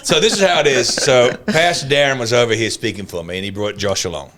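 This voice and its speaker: A man with an Australian accent hosting a podcast, telling anecdotes in a casual, animated way and laughing often. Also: medium pitch, fast talker, crowd noise. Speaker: podcast host.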